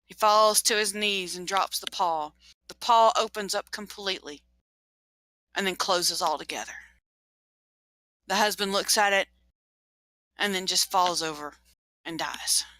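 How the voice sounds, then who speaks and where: Woman game master narrating a ghost story; bright, dry, dramatic. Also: medium pitch, a little slow, long pauses, dry recording, rough recording. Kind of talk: storytelling in a tabletop game session.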